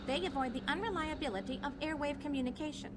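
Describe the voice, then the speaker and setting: An actress voicing a polite, formal female receptionist in a video game, heard under loud background noise. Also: sits high, fast talker, close to an everyday voice. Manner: formal, scripted courtesy.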